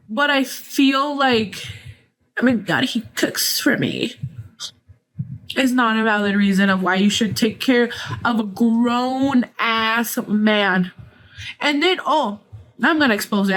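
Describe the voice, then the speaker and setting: Profane, gossipy high-voiced woman host. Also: a bit bright. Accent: Mexican-American English with Spanish phrases. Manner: candid, profane, gossipy, sarcastic. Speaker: podcast host. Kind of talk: casual storytelling chat.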